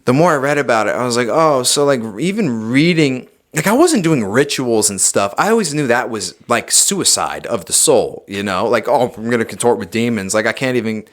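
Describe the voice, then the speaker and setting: A young adult man, a podcast guest, telling a personal story in a casual, animated way, swearing often and saying "dude" a lot. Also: mid-range voice, normal speed, hardly any pauses.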